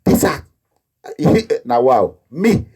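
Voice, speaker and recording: A man's voice: mid-range voice, sing-song, drawn-out words, mellow, husky. A Nigerian man with a Nigerian accent in an impassioned, rambling monologue, indignant and acting out the people he quotes. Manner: rambling, indignant, breaks into laughter and acts out quoted voices. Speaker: activist.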